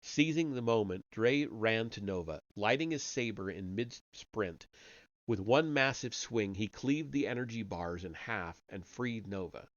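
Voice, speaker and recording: This live-stream storyteller speaks unhurriedly in an expressive voice on the low side, with no room sound. Character dialogue gets just light voicing, and he sometimes slips and starts over, captured on a dull, lo-fi home mic.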